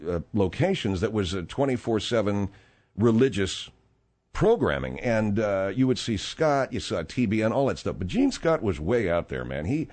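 A middle-aged man hosts a talk-radio show with a lively, swooping delivery. He rambles through stories in a casual way, full of fillers and asides. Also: on the low side, moderate pace. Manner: rambling and animated, with frequent fillers.

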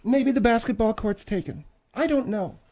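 A man's voice: extremely high pitch, mellow, voice pushed up. A man voicing a prim, scolding middle-aged woman, a sidekick in a radio studio who teases the host. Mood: prim teasing. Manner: prim, teasing, quick to scold.

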